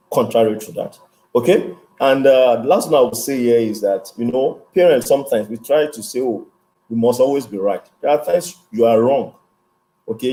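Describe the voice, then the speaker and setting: A man's voice: mid-range voice, warm tone, rough recording. A man as a guest speaker, giving earnest, instructive advice in an interview. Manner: earnest, instructive, checks in with "okay?".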